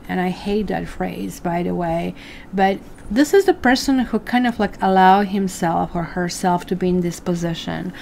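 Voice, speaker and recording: Chatty and full of fillers and asides, a tarot reader does a live session, addressing her viewers as "guys." She speaks at normal speed in a lowish, slightly mellow voice with vocal fry, and there's slight background noise.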